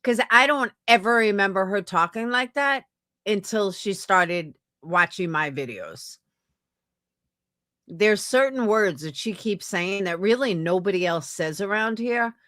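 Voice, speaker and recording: A woman's voice: medium pitch, animated, unhurried, a bit bright, no echo, clean studio sound. A woman streamer giving blunt, casual commentary on a clip, swearing freely. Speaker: streamer reacting to clips.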